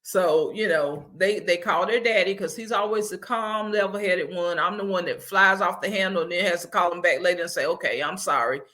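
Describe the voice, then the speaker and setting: A woman, a mother of four, chatting as a guest and telling family stories in a lively, animated way. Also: fairly low pitch, a little fast, few pauses. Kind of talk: casual storytelling chat.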